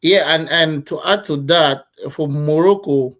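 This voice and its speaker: A man's voice: on the high side, a little slow, fairly bright tone. A man with a Nigerian accent making earnest points in a casual football chat, repeating himself as he builds each point. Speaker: co-host.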